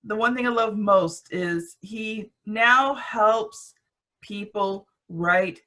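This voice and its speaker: A woman's voice: a little high, pushed and bright. A woman with a Canadian accent hosting a podcast, introducing her guest with enthusiasm. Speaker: podcast host.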